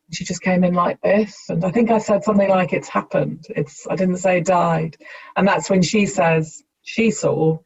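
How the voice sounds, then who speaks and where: A woman earnestly recounting a personal story, halting and acting out the lines of the people she quotes. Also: on the low side, darkish tone, muffled recording. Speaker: bereaved mother sharing her story.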